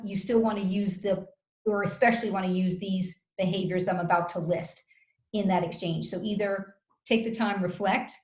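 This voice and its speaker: A woman with a mid-pitched voice gives practical communication advice as a guest. She explains each point in a measured, step-by-step way with deliberate pauses. Her voice carries a noticeable room echo over a video call. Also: a little mellow. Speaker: communication skills guest expert. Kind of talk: coaching advice in conversation. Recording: roomy echo.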